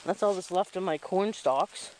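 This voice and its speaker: High-voiced man rambling through his garden. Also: normal speed, slight background noise, low-quality recording. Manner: rambling, chatty. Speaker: vlogger. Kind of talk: casual garden walk-through. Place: outdoor garden in light rain. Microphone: handheld camera mic.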